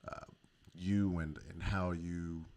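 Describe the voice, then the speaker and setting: A man with a very low voice hosts a radio interview. He asks his questions in an easygoing way, with plenty of "uh" and "um" and warm affirmations of what his guest says. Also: takes it slowly. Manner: relaxed, affirming interviewer with many fillers. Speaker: radio show host. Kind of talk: casual interview.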